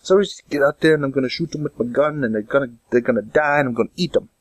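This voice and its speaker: A man's voice: medium pitch, rapid-fire, no room sound, natural voice. A man voicing a backwoods hunter in a mock Canadian-Jamaican accent, bragging bluntly about shooting and eating game. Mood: gleeful. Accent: mock Canadian-Jamaican put-on.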